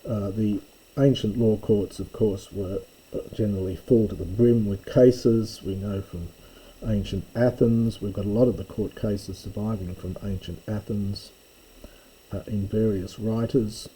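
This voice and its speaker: A man teaching a slow reading lesson, explaining each word in turn with frequent pauses and fillers. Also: fairly low pitch, steady tone, dark tone, slightly rough, rough recording. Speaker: Greek teacher.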